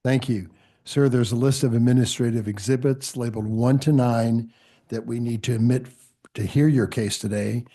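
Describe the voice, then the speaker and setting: A man chairing a public board meeting, swearing people in courteously and pausing with fillers. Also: medium pitch, steady tone, mellow. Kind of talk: formal public meeting procedure. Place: meeting room with podium.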